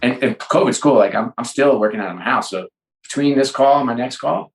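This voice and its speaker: In a conversational interview with roomy echo, a middle-aged business leader appearing as a sports executive guest tells animated stories and acts out the dialogue. He speaks fairly quickly at a medium pitch.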